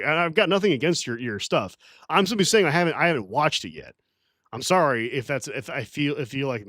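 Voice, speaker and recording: A man's voice: mid-range voice, a bit bright, dry recording, clean studio sound. A man hosting a casual livestream, talking to his chat in a rambling, defensive way and swearing often. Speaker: livestream host.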